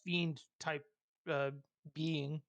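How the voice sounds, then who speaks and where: A man's voice: a little high, level tone, very slow, fairly bright tone. A man running a tabletop game as dungeon master, laughing often and restarting his sentences.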